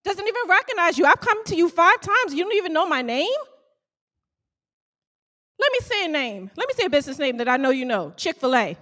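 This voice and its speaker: A woman who owns a small bakery gives a motivational talk to a live audience, animated and calling out questions to the crowd. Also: very high voice, fairly quick. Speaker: small bakery owner speaking to fellow business owners.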